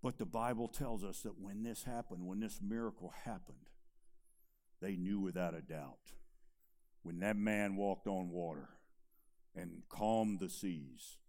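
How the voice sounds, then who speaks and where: A preacher man who delivers a sermon, swinging between loud emphatic stretches and quiet, low asides. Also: a little slow.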